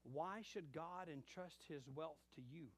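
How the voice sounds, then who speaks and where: A man's voice: a little high, a little slow. A middle-aged male pastor preaching a sermon, telling stories and acting out bits of dialogue. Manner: animated storytelling with acted-out dialogue.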